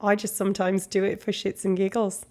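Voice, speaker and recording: A woman's voice: mid-range voice, level tone, brisk, darkish tone. A woman in her twenties chatting casually on a livestream in a put-on Australian accent that slips at times. She is self-mocking, laughs often and swears freely. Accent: put-on Australian, slipping at times. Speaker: streamer.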